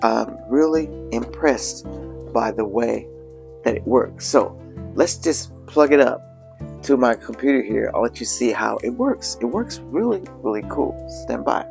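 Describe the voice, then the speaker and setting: A man talks through a gadget in a casual review vlog, upbeat and chatty. His voice is gravelly and sits at a middle pitch. He repeats words when he wants to stress a point. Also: expressive, measured pace, a little mellow, soft background music. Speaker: product reviewer.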